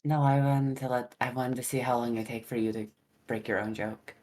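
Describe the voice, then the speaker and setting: A podcast co-host with a dry, teasing, deadpan way of talking in casual chat. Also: mid-range voice, fairly quick, a little hiss or hum. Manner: dry, teasing, calls partner "darling".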